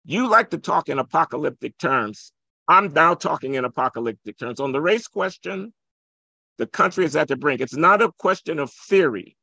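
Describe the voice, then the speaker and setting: A man's voice: fairly high pitch, lively intonation, moderate pace, creaky, breathy edge, dry recording. A man from Chicago, a guest economist on a podcast, arguing provocatively and insisting on finishing his point. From Chicago, USA. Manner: forceful, provocative, holds the floor. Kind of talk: impassioned podcast debate.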